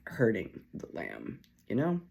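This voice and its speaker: A man's voice: on the low side, huge pitch swings, gravelly. Emotional, tearful man giving a spiritual reading. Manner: emotional, halting, with sighs and soft trailing phrases. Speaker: spiritual channeler.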